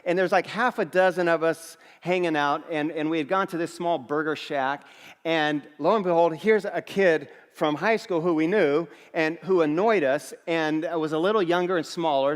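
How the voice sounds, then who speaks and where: A middle-aged man preaching a sermon as a pastor, telling a story with humor and lively restarts. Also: on the high side. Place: large church auditorium. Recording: long reverb of a church hall.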